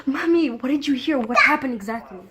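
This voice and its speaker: A woman's voice: sits high, fairly quick, heavy background noise. A woman vlogging at home during a storm, anxious and jittery, laughing between frightened remarks. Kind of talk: casual home video vlog.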